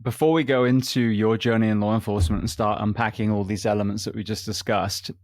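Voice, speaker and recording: A man hosting a podcast interview, asking questions and telling a backstory in a thoughtful, measured way with frequent ums. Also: on the low side, steady tone, no echo, studio quality. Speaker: podcast host.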